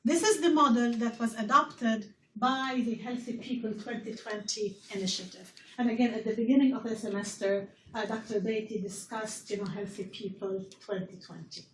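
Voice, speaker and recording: Woman lecturer, higher voice, earnest, heard from afar in a roomy hall with faint hiss. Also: moderate pace, few pauses, distant mic. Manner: earnest, repeats words while explaining. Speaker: university public health lecturer. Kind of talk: classroom lecture. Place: classroom.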